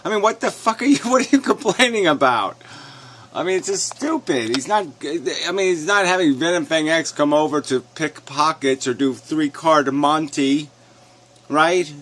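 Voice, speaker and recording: A man's voice: on the high side, expressive, moderate pace, a bit bright, a little hiss or hum. A man ranting in a sarcastic, mocking tone, swearing often and chuckling as he reacts to a clip. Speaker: commentator. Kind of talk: profane rant reacting to a clip.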